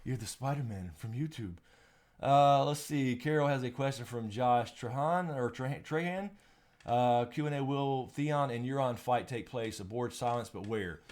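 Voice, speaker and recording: A man's voice: mid-range voice, normal speed, a little mellow. Young male streamer host, loose and chatty, mid-range voice. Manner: rambling, laughs often, curses casually. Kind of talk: casual live Q&A chat.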